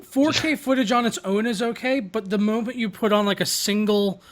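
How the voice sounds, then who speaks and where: A man hosting a casual tech and gaming podcast, chatting fast and excitedly with loose slang. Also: sits high. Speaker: host.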